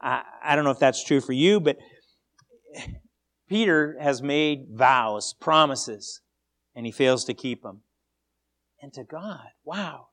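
A man preaching a sermon as pastor, emphatic and animated, often repeating words as he starts a sentence. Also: medium pitch, takes it slowly, pauses often.

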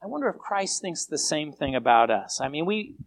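Keeping the congregation engaged, this preacher's storytelling rises and falls dramatically in a medium-pitched voice. The pace is brisk, the tone lively and conversational, and he frequently starts over on a repeated word.

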